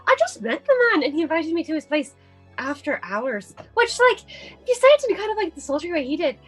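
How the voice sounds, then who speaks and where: A woman's voice: very high-pitched, sing-song, brisk, faint music behind. A woman playing a tabletop game, talking in a rambling, giggly way with a strained, tired voice. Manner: giggly, rambling with many likes. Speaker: player. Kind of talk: casual tabletop role-play.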